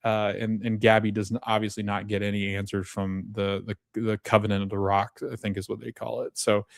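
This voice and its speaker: A man's voice: lowish voice, little pitch movement, fairly quick, creaky, dry recording. Rambling male podcast host, dry close mic. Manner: rambling, many fillers and restarts, laughs often. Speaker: podcast host recapping a TV episode. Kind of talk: casual recap chat.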